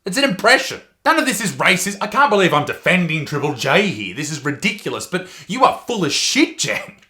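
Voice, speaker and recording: A man's voice: sits high, sing-song, a little fast, sharp tone. A man, a comedian giving profane, sarcastic ranting commentary.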